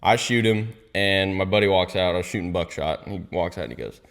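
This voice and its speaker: Young guy, deep voice, animated podcast guest who cusses and whispers asides. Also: a little fast, in a large hall. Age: young adult. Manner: animated storyteller, swears freely, mutters asides in a whisper. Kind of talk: casual storytelling.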